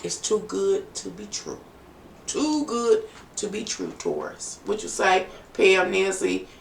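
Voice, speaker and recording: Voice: medium pitch, huge pitch swings, slow, gravelly. A tarot reader giving a chatty, playful live-stream reading, with teasing asides to viewers. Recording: echoey room, distant from mic, faint noise.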